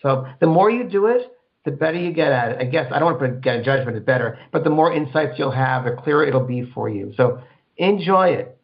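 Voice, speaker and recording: Man, mid-pitched radio host, rambling spiritual advice, dull lo-fi broadcast sound. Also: lively intonation, a little fast, creaky. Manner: rambling, repeats words, acts out inner voices.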